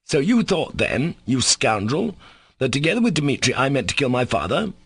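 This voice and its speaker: A man voicing a furious, proud young Russian gentleman who shouts commanding accusations in an audiobook reading. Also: mid-range voice, very animated, moderate pace, creaky, slightly rough, no room sound, studio quality, voice pushed up, exaggerated voice.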